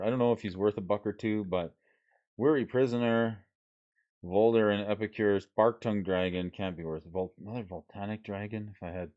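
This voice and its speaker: A man's voice: deep voice, a little mellow, highs cut off. A man streaming casually, reading card names and rules aloud and chatting with his viewers. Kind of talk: casual livestream chat while sorting cards.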